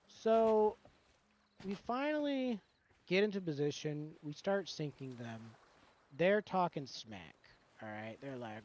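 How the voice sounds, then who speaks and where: A man streaming, casually telling a gaming story in an animated way, acting out both sides of the exchange and swearing freely. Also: fairly high pitch, unhurried.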